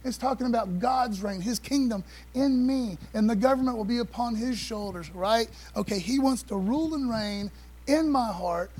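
A man preaching a sermon to his church, animated and repeating phrases, calling on the congregation to answer back. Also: extremely high pitch, normal speed, poor audio. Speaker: pastor.

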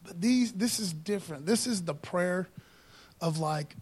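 A man with a high voice preaches a sermon in loose, everyday speech. He keeps tossing in "man" and "you know" and slows down to press hard on the scripture he reads. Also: darkish tone, slightly rough. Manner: reads scripture slowly and emphatically. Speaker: pastor.

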